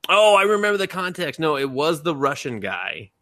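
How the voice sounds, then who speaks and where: Slightly high-pitched and at a normal pace, this man co-hosts a podcast, chatting casually through an anime recap full of profanity, laughter, and acted-out quotes. The audio is studio quality with no room sound.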